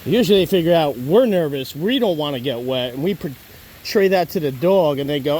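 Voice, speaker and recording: A man working as a dog trainer, outdoors in the rain, calling excited commands and praise to his dog. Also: a little high, moderate pace, slight background noise. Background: rain falling.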